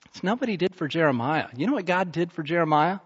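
A man's voice: a little high, animated, quick pace, slightly rough. A male pastor preaching a sermon in a conversational, emphatic way, repeating phrases for stress. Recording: muffled sound with long reverb in a large hall.

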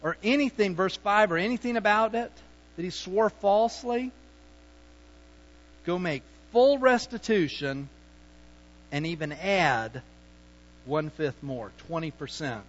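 A male pastor preaching a sermon, emphatic, with sudden shifts between loud points and quiet asides. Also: muffled recording. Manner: acts out sheepish excuses in a low mutter.

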